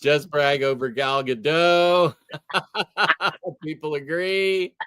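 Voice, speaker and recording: Male host, slightly high pitch, dry mic, relaxed storyteller who laughs a lot. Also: drawn-out words, clear, resonant tone, dry recording. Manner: chuckling, storytelling. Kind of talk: casual chat.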